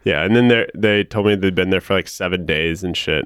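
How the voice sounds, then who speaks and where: A man's voice: low voice, a little fast, a bit bright, clean tone, no echo. A man co-hosting a podcast, chatting casually and telling a rambling story full of swearing, acting out the people in it. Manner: rambling storyteller, swears a lot, acts out the people in his stories. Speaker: podcast co-host. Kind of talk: casual chat.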